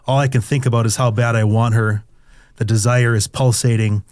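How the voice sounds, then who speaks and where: A man's voice: medium pitch, little pitch movement, a little fast, a little mellow, no room sound, studio quality. A middle-aged man reading his own memoir aloud in the first person, candid and crude in a confessional tone.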